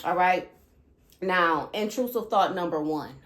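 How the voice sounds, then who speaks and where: A woman's voice: on the low side, unhurried. A woman hosting her own channel, talking earnestly about spiritual experiences and often checking in with listeners by asking "okay?". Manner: animated and emphatic when recounting disturbing thoughts. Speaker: channel host. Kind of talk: earnest spiritual vlog talk.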